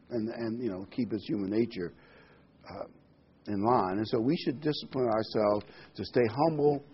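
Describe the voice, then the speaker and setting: Captured in dull lo-fi audio, a pastor with a mid-range, slightly rough voice leads a Bible study sermon, reading passages of scripture, telling jokes, and emphasizing key words.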